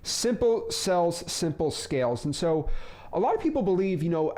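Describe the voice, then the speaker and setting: A young man coaching a casual lecture with a lively voice that swoops up and down. He sits a little high for a man and keeps breaking into jokey asides. Now and then he jumps into sudden loud bursts. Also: moderate pace. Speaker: real estate wholesaling coach.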